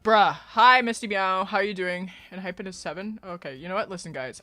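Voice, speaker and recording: A woman livestreamer in casual, chatty talk with her viewers as she plays a game, swearing and joking, with sudden shouted outbursts. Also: medium pitch, a little fast, hardly any pauses. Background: faint background music.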